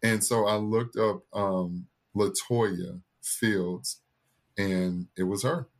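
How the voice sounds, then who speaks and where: A man's voice: fairly low pitch, fairly even intonation, slow. A man in his thirties, a podcast guest, telling a personal family story in an earnest, candid way and acting out the voices of the people in it.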